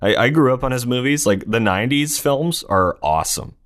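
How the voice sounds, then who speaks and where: A man's voice: mid-range voice, lively intonation, a little fast, fairly bright tone, dry recording, clean studio sound. A man co-hosting a casual podcast, laid-back, laughing easily and swearing in passing. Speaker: podcast co-host.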